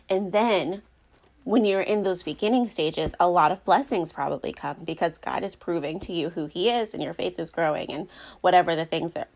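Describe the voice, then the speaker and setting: A young adult woman talking about her faith in a casual, heartfelt monologue, earnest and rambling with lots of filler words. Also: lowish voice. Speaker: Christian speaker sharing faith reflections.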